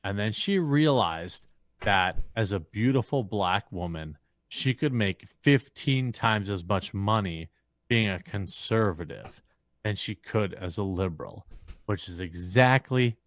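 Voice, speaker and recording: Drunk man ranting, low dry voice. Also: expressive, measured pace, no echo. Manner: blunt, crude, emphatic ranting. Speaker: streamer. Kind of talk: ranting on a livestream.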